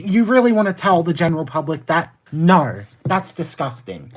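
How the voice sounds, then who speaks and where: A very animated young Australian man in his twenties talks at normal speed with hardly any pauses. He's chatting casually on a livestream, answering viewer comments bluntly and with exasperation, and his pitch jumps high and indignant when he rants.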